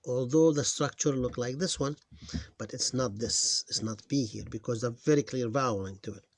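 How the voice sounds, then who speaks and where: A man teaching reading, slowly sounding out syllables one at a time, recorded on a close mic. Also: mid-range voice. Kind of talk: screen-recorded phonics lesson.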